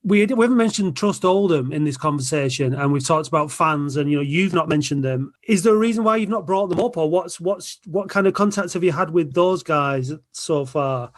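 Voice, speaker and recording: Chatty fan podcast interviewer. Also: male voice, a little high, expressive, a little fast, hardly any pauses. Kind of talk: interview questions.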